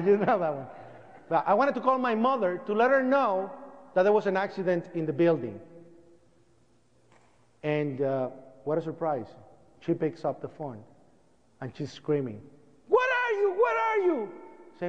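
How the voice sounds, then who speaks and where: A man with a Puerto Rican accent telling his story as a public speaker, animated and acting out the voices of people in it. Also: on the high side, big-room sound, dull audio. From Puerto Rico.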